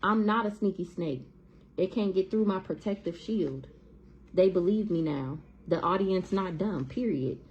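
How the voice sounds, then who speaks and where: A woman's voice: fairly low pitch, lively intonation, unhurried, highs cut off. A woman with giving a blunt, profane, heated tarot reading to camera in a casual monologue. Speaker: tarot reader.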